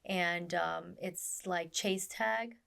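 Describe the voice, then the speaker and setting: A woman's voice: fairly low pitch, drawn-out words, vocal fry, smooth. A woman, a stunt performer, telling her story in a casual interview, acting out quoted lines with lots of fillers. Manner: animated, acts out quoted dialogue, many fillers.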